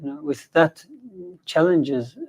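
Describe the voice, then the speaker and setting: A man's voice: fairly high pitch, steady tone, slow, muffled recording. A man teaching the Quran in a study discussion, conversational, citing sources as he builds his point.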